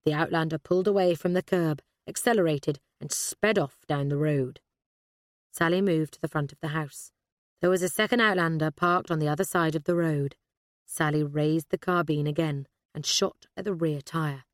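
A woman narrating an audiobook thriller in a steady, measured way. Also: low voice, no room sound, clean studio sound.

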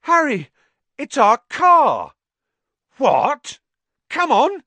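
A man's voice: wildly swooping pitch, moderate pace, fairly bright tone, breathy edge, no echo, full character voice. A man doing a panicky teenage wizard boy. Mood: excited. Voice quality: high, breaking voice. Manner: panicky, then giddy and delighted. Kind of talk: audiobook character voice.

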